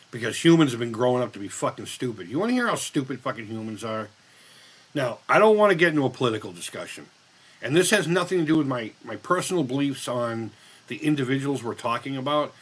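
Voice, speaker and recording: Fifties guy hosting a live chat, rambles and swears a lot, voice swings all over, bright tone. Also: medium pitch, very animated, brisk, breathy edge. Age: 50s. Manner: rambling, profane and blunt. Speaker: live-stream host reading chat. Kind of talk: casual live-stream chat.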